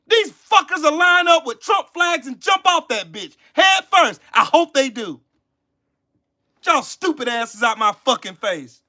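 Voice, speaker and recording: A man ranting on a livestream. His voice sits very high and swings widely in pitch. He is heated and profane, lashing out at his viewers between sighs and mutters. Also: sing-song, measured pace, bright, forceful tone. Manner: heated, profane, scolding the chat. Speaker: channel host. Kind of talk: livestream commentary rant.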